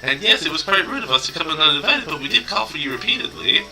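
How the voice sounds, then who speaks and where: A man voicing a polite, soft-spoken teenage girl from a video game, gentle and apologetic. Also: fairly high pitch, animated, quick pace, faint music behind, full character voice, low-quality recording.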